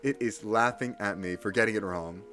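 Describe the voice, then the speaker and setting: A man chatting casually on a live stream while practicing Japanese kana, self-deprecating and nervously energetic. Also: fairly low pitch, brisk, soft background music. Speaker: livestreamer studying Japanese kana.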